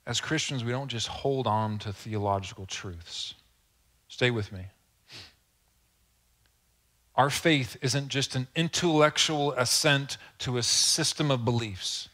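A man's voice: mid-range voice, unhurried, bright, forceful tone. Earnest, conversational male preacher. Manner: conversational, earnest, with rhetorical asides to the congregation. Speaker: pastor. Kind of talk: sermon.

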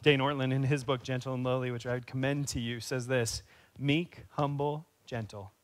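A man preaching a sermon as pastor, speaking conversationally and rising to animated emphasis. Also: mid-range voice, quick pace.

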